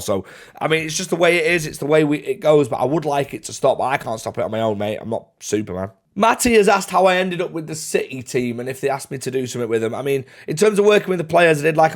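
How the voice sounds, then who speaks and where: A young man, chatting casually as he answers fan questions in a laddish, slangy way. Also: medium pitch. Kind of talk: casual Q&A to camera.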